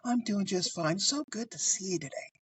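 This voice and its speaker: A woman's voice: medium pitch, animated, normal speed, husky. A man doing a sweet, polite woman. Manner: soft and friendly.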